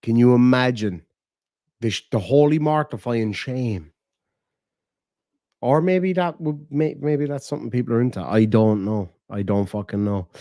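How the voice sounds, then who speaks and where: A man's voice: mid-range voice, moderate pace, mellow, dry recording, clean studio sound. A man hosting a casual late-night stream, telling stories with lots of swearing and laughter. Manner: profane, laughing storyteller. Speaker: streamer host.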